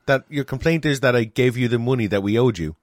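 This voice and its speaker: A man's voice: medium pitch, quick pace, dry recording, clean studio sound. A man in casual chat, telling a story and acting out the other people's lines. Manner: animated storytelling, acts out customers' lines. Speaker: restaurant manager telling stories.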